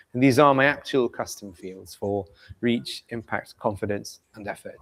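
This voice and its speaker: A man gives a live software demo at a meetup. He talks casually as he clicks through and asks the room for thoughts. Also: mid-range voice, rough recording. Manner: relaxed and chatty, asks the room questions. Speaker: presenter at a community meetup. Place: meeting room in front of an audience.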